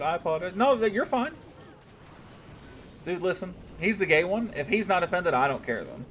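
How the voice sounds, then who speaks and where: A man from the United States hosts a relaxed livestream, talking straight to his viewers. His delivery is casual and full of cursing and teasing. His voice swings widely in pitch. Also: slight background noise. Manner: laid-back, swears freely, laughs often, teases chat. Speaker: streamer reading and answering chat.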